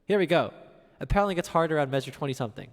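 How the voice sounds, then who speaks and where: Chatty man with a lively, high voice. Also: very fast, long reverb tail. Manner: chatty, reads chat messages aloud. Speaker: streamer playing piano. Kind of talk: casual chat.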